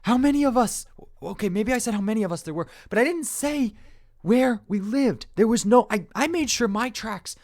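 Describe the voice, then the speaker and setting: A man voicing a guilt-ridden uncle defending himself in distress, his voice climbing high. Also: expressive, a little slow, gravelly, pauses often, breathy edge, no room sound, clean studio sound, full character voice. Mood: distraught. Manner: distressed, pleading, voice climbing when upset.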